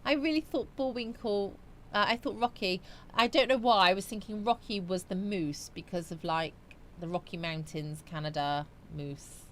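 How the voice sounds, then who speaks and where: A woman's voice: medium pitch, moderate pace, slight background noise. A woman hosting a casual livestream, reading viewer comments aloud and musing on them in a chatty, rambling way. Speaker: livestream host.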